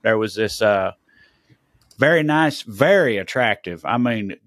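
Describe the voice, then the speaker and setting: A man with a Southern US accent, a comedian co-hosting a podcast and telling a story in casual chat, animated and jumping high when he gets indignant. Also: unhurried, dry recording, studio quality. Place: podcast studio.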